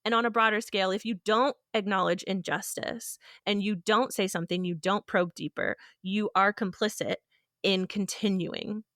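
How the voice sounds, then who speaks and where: A woman's voice: mid-range voice, steady tone, moderate pace, fairly bright tone, no room sound, studio quality. A woman co-hosting a podcast, talking about a parenting topic in a fiery, passionate, casual way. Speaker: podcast co-host.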